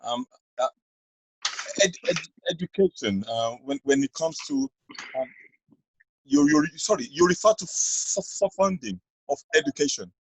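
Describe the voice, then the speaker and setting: A man from Nigeria, a guest educator on a podcast, speaking haltingly and often restarting words. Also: on the high side, animated, slightly rough, no room sound, low-quality recording. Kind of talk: casual discussion.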